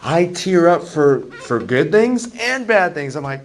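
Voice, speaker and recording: A man's voice: medium pitch, animated, normal speed, hardly any pauses. Male math teacher, chatty and self-deprecating, noisy classroom capture.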